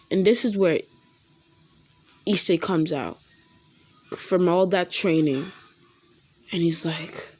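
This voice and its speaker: A woman telling a made-up fan story off the cuff, rambling and often correcting herself. Her voice is husky and a bit low, and she talks slowly. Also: darkish tone, soft background music. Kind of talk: casual improvised storytelling.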